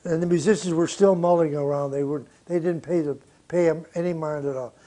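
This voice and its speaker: A man's voice: on the high side, fairly even intonation, brisk, warm tone. An older man, a record producer, telling studio stories in an interview, blunt and profane with short chuckles. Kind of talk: interview storytelling.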